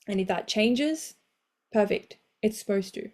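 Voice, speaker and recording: Woman, motivational coach hosting live; warm mellow voice, energetic, blunt, swears freely. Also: mid-range voice, a little slow. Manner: energetic, blunt, swears casually, cheers listeners on.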